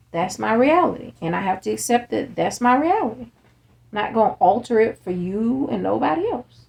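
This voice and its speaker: A woman's voice: fairly high pitch, vocal fry. A woman, hosting a candid casual chat, talking bluntly and acting out the people she quotes. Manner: blunt, animated, acts out quoted dialogue. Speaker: podcast host and parent.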